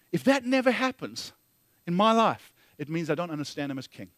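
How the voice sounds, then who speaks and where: A man's voice: a little high, very animated, a little fast, a bit bright, no echo. A man preaching a sermon as a pastor, earnest, often repeating phrases for emphasis.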